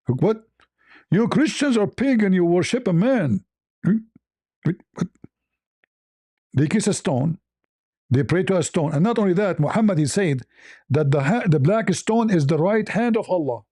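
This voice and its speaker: A man's voice: high voice, expressive, moderate pace, warm tone, no echo, clean studio sound. A man giving mocking, combative commentary as a debater. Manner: combative, sarcastic. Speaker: online debater.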